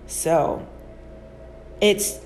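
Rambling, earnest woman podcaster, soft ambience. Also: extremely slow, slight background noise. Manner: casual, rambling, many fillers like "like" and "you know"; addresses listeners as y'all. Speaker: podcast host, psychic reader. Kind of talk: reflective spiritual monologue.

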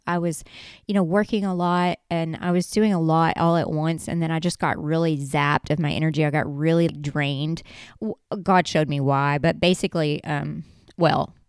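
A woman's voice: lowish voice, darkish tone, smooth, no echo, clean studio sound. A woman talking casually and earnestly about her faith, rambling and correcting herself as she goes. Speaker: Christian speaker.

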